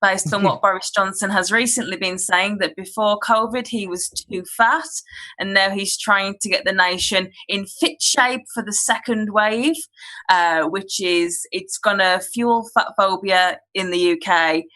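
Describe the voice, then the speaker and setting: A woman's voice: mid-range voice, a little slow, sharp tone, low-quality recording. A woman comedian giving an earnest, angry topical rant in long run-on sentences over a video call. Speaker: comedian on a panel.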